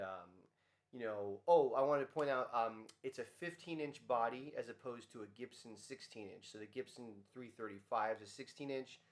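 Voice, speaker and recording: A guitarist casually talking about his guitar in a relaxed, rambling way with lots of ums. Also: medium pitch. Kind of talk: casual gear demo talk.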